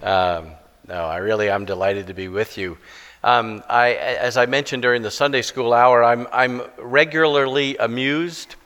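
A middle-aged man preaching a sermon with stories, self-deprecating and halting, with many restarts. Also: on the low side, fairly bright tone. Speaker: guest preacher. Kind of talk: sermon with storytelling. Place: church sanctuary. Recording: long church reverb.

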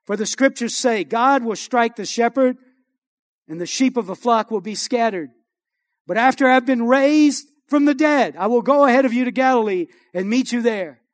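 A man's voice: very high voice, normal speed, no room sound, studio quality. A man preaching a sermon as a pastor, building to rousing, exhorting emphasis.

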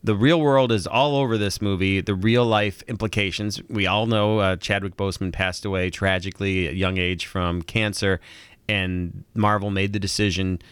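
A man co-hosting a podcast in casual chat, animated and rambling, acting out quoted lines as he talks. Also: sits low, normal speed, clear, resonant tone, no room sound. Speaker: podcast co-host.

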